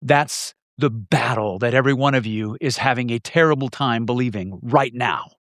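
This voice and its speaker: A man preaching a sermon with emphatic repetition, swinging between loud stresses and hushed lines. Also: mid-range voice, normal speed, no room sound, studio quality.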